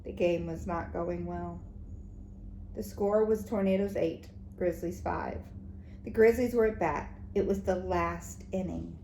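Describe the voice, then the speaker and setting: A woman teacher reading a children's book aloud, animated and expressive, with soft whispered asides to the listeners. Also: lowish voice, measured pace. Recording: echoey room, faint background noise.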